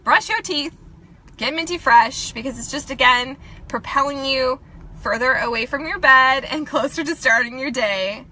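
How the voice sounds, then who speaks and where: A woman's voice: sits high, moderate pace, bright, forceful tone, poor audio. A woman in her thirties giving a casual, upbeat motivational talk to her viewers, chatty and laughing often. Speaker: self-help vlogger.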